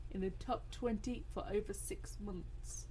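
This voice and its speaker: A woman's voice: mid-range voice, fairly even intonation, a little slow, mellow, a little hiss or hum, poor audio. A woman from Britain with a British accent, co-hosting a radio show in easygoing, giggly chat.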